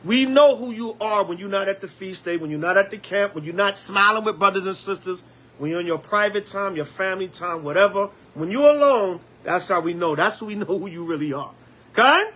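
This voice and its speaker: A man preaching a Bible lesson as an elder, lively, with call-and-response and acted-out quotes. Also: high voice, a little fast.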